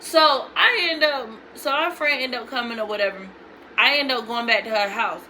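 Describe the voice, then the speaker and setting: A woman's voice: on the high side, moderate pace, pushed and bright, slight background noise, rough recording. A young woman vlogging a casual storytime, retelling it bluntly with lots of profanity.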